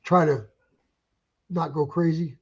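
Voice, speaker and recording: Husky, reflective former drill instructor. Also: male voice, fairly high pitch, fairly even intonation, lo-fi sound. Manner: measured, reflective, soft-spoken. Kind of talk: casual reminiscing chat.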